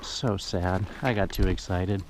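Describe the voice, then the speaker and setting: A man's voice: deep voice, steady tone, a little slow, noisy background. A man narrating his fishing trip to camera from a boat outdoors, chatty and emotional as he talks to his viewers. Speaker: fishing vlogger.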